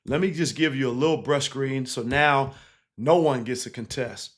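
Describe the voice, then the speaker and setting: A man, a basketball coach, casually breaking down game film, animated and laughing easily, tagging points with 'right?'. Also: medium pitch, moderate pace. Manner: animated, keeps checking in with 'right?' and 'again'; laughs easily while explaining.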